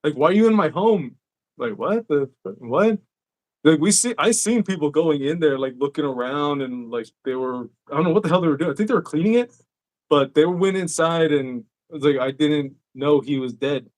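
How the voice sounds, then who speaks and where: A man's voice: fairly high pitch, lively intonation, a little fast, darkish tone. A man hosting a podcast, telling stories in a casual, profane way. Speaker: podcast host. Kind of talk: casual chat.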